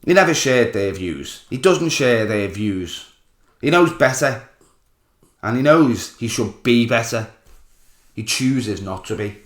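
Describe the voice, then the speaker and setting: A man's voice: medium pitch, expressive, takes it slowly, fairly bright tone. A man giving an angry, sarcastic political rant full of swearing. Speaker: political commentator. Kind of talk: ranting political monologue. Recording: roomy echo.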